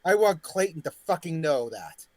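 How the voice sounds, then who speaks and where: Player: man, fairly high voice, loud and exasperated, swears a lot. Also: big pitch swings, normal speed. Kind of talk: casual tabletop role-play.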